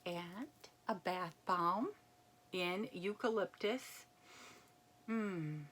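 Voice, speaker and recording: A woman chatting casually as she unboxes a gift package, reading labels aloud and reacting with excitement. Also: on the low side, drawn-out words, noisy background. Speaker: unboxing vlogger. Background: crinkling packaging.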